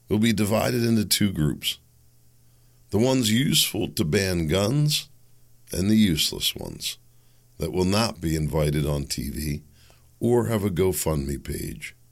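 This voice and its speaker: A man's voice: low-pitched, sing-song, a little slow, gravelly, pauses often. A man hosting a talk radio podcast, delivering a blunt, combative and sarcastic monologue.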